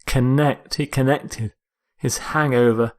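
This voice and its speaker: Slow, deliberate male English teacher. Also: mid-range voice, fairly even intonation. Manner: slow, deliberate, with self-corrections. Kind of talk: vocabulary lecture.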